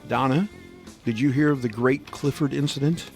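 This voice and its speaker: A man's voice: medium pitch, normal speed, darkish tone, soft background music. A man hosting a local radio morning show in a studio, joking and teasing his co-hosts in casual banter.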